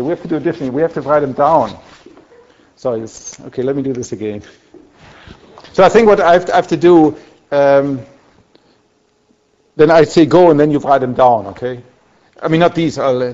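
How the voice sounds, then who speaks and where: A man's voice: medium pitch, fairly quick, pauses often, a little mellow, highs cut off. A man giving a university lecture in a conversational way, with many restarts and fillers as he corrects himself. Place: lecture hall.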